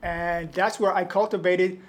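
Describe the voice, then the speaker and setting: A man from the Bronx with a New York accent, a guest poet telling stories in an unhurried, reflective way during an interview. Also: high-pitched, fairly even intonation. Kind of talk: conversational interview storytelling.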